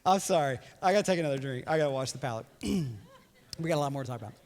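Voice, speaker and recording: A young adult man preaching a sermon as pastor, animated and joking, often slipping into playful voices for quotes. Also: mid-range voice, very fast. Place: church hall. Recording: reverberant church hall.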